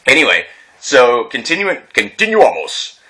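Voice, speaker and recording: A man's voice: mid-range voice, wildly swooping pitch, normal speed, bright, forceful tone. A veteran man telling his own story in an unscripted vlog, rambling and agitated, swearing often and restarting his sentences. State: distressed.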